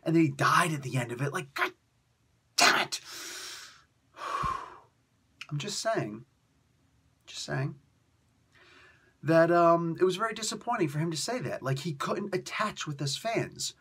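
Husky, ranting male comic reviewer. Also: a little high, expressive, measured pace, pauses often. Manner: ranting, sarcastic, swings between loud outbursts and quiet mutters. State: tired. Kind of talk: animated solo video review.

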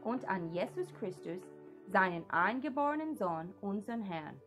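A woman steadily reciting a creed in a measured voice. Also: mid-range voice, animated. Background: music.

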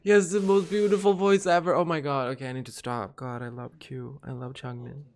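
A man hosting a casual reaction video, giddy and excitable, swearing and laughing often. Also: medium pitch, brisk.

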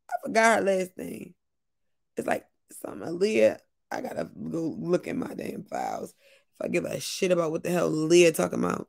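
A woman giving loud, exasperated reaction commentary, swearing often and mocking what she watches. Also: lowish voice, huge pitch swings, normal speed, vocal fry. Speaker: streamer reacting to a video.

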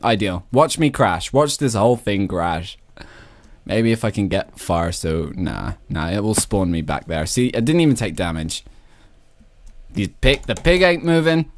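Lively excitable man narrating gameplay. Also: lowish voice, a little slow, dry recording. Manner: excitable, laughs often, shrieks when startled. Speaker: Minecraft YouTuber. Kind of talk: casual gameplay commentary.

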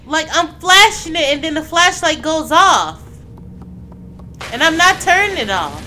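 A woman playing a horror game, reacting out loud and swearing when startled. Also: very high-pitched, lively intonation, measured pace. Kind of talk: let's play commentary. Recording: background noise under the voice.

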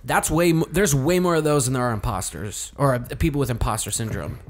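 A man's voice: medium pitch, expressive, a little fast. A man co-hosting a podcast, chatting casually with blunt opinions and jokes. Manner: opinionated, joking. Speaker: podcast co-host. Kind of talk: casual chat.

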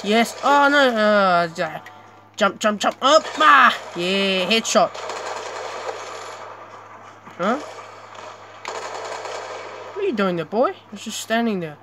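A young man commentating his own gameplay, chatty and excitable, with sudden yelps between rambling asides. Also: sits high. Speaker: gamer. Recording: clear background noise.

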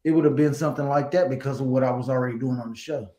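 A middle-aged man, a guest singer, telling stories in a casual interview, animated and laughing. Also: medium pitch, rapid-fire, echoey room, low-quality recording.

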